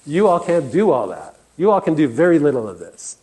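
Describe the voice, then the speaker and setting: A man's voice: a little high, big pitch swings, brisk, mellow, breathy edge. A man giving a presentation talk as guest speaker, earnest and often restarting with fillers. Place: meeting room.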